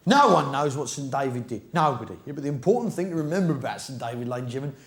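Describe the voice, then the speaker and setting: A middle-aged man doing live stand-up comedy, with brash, blokey banter aimed at the audience and sudden shouts to rouse the crowd. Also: mid-range voice, animated, very fast. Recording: roomy live venue, loud audience.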